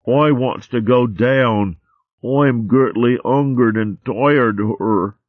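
A man voicing a sleepy small male mole babe in a storybook, with a slow drawl. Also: mid-range voice, dry recording, narrow, tinny audio, voice pushed up.

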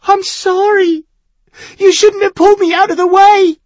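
A man voicing a young male midshipman who is crying and pleading in a high, strained voice. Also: fairly even intonation, measured pace, no room sound, lo-fi sound. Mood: sobbing, pleading.

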